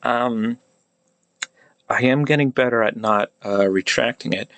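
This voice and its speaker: A man casually explaining pronunciation, thinking aloud with many halting restarts. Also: medium pitch, creaky, a bit bright, clear, resonant tone, dry recording. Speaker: language hobbyist explaining pronunciation.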